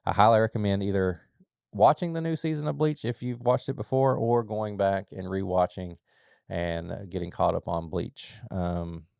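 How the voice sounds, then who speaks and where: A man co-hosting a podcast in casual chat, rambling with lots of fillers and sudden animated bursts. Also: deep voice, moderate pace, gravelly, clean tone, no room sound, clean studio sound. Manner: rambling, filler-heavy, jumps to animated outbursts. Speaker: podcast co-host.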